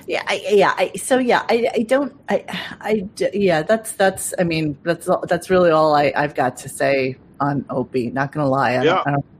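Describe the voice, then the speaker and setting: A woman's voice: low voice, normal speed, a little hiss or hum. Blunt, cussing woman podcast host. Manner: blunt, swears freely, lots of fillers and restarts. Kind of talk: casual chat.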